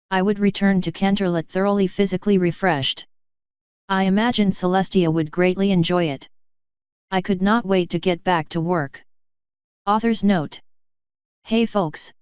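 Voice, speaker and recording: A woman narrating a fanfiction audiobook in an even, clear read-aloud manner. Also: on the low side, no echo, lo-fi sound. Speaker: fanfiction reader.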